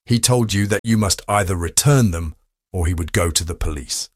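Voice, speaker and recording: A man's voice: low voice, normal speed, no room sound, studio quality. A man reading an audiobook, voicing a cool, wry private detective who speaks in a clipped, confident way.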